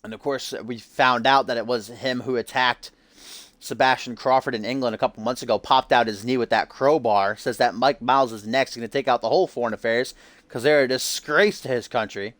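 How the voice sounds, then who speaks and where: A man's voice: medium pitch, fairly even intonation, brisk, a bit bright, no echo. A man streaming a game, giving hyped-up, loose wrestling-show commentary full of casual asides. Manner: upbeat hype, loose and casual with frequent "uh".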